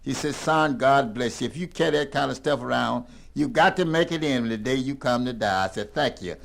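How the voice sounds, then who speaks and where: An older man telling a rambling tall tale in a folksy, animated drawl. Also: medium pitch, a little fast, creaky. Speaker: storyteller.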